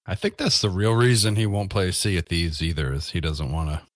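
A man's voice: low-pitched, animated, fairly quick, dry recording, clean studio sound. A man co-hosting a casual gaming podcast who talks hesitantly, with many ums. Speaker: podcast co-host. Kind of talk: casual chat.

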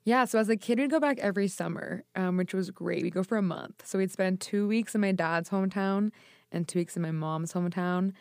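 A woman's voice: mid-range voice, a little fast, gravelly, a little mellow, clear, resonant tone, no echo, studio quality. A young adult woman, chatting casually as a podcast guest, full of fillers. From United States. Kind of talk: casual chat.

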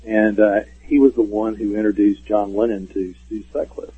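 Husky man on a phone line. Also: fairly low pitch, steady tone, moderate pace, no room sound. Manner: rambling storyteller with many fillers. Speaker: guest. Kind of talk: casual radio interview.

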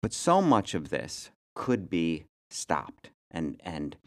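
Deep-voiced blunt male podcast host. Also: huge pitch swings, slow. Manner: blunt, ranting, repeats words. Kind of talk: casual chat.

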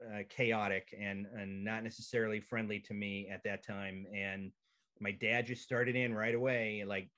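A man's voice: fairly low pitch, normal speed. Man telling a profane comic story. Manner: profane, animated, comic timing. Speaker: comedian guest. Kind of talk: casual storytelling on a podcast. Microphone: video call.

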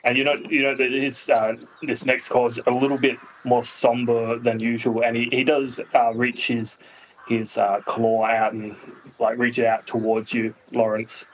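A man's voice: medium pitch, flat delivery, moderate pace, reverberant, slight background noise, low-quality recording. A man narrating as game master, hesitant and full of fillers. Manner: rambling, hesitant, many fillers.

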